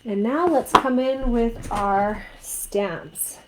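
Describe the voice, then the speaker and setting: A woman's voice: fairly high pitch, drawn-out words, noisy background. A woman from Canada teaching a card-making craft tutorial, chatting and asking viewers what they think. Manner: chatty, asks viewers questions.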